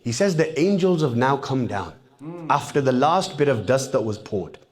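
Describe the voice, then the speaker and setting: A man preaching a sermon, retelling stories and rising to impassioned, high-pitched calls when he quotes. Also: very animated, normal speed. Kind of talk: sermon with dramatic storytelling.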